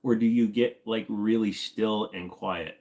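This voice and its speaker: A man's voice: lowish voice, steady tone, unhurried, darkish tone. Casual, rambling male livestream host. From Virginia, US. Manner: rambling, joking, talks while fiddling with gear. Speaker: livestream host answering chat questions. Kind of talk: casual live Q&A chat.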